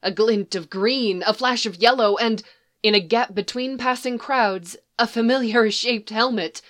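A woman reading fan fiction aloud in a soft, even storytelling manner. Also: on the high side, a little slow. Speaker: reader.

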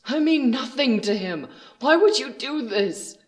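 A storyteller voicing a frightened young male bard who pleads softly and desperately. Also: high voice, lively intonation, measured pace, voice pushed up. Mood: accusing.

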